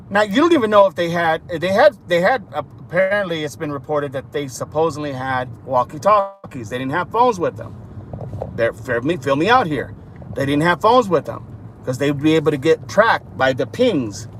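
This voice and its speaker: A man with a notably high voice talks animatedly on his livestream, working through a speculative scenario and pulling his listeners along. He is recorded outdoors, with faint traffic noise behind him. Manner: animated, addresses listeners directly. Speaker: livestream host. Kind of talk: speculative live-stream talk.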